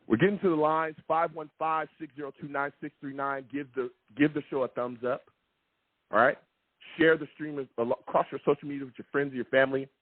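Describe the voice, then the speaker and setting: A man's voice: mid-range voice, slightly rough, no room sound, phone-quality sound. A man hosting a sports call-in show, ranting in a fired-up, repetitive way. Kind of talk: heated sports call-in talk.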